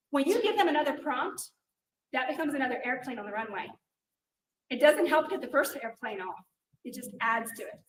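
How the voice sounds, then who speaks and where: Animated woman teacher in echoey room. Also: high-pitched. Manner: dynamic and animated, sometimes loud. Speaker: teacher and workshop presenter. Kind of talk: training workshop talk. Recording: echoey room, distant mic, faint noise.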